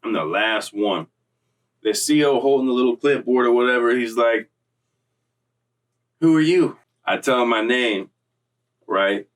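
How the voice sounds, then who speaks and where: A young man casually recounting a story in street slang, animated and full of acted-out quotes, from Florida. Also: mid-range voice, moderate pace, recorded from a distance. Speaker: storyteller recounting prison time.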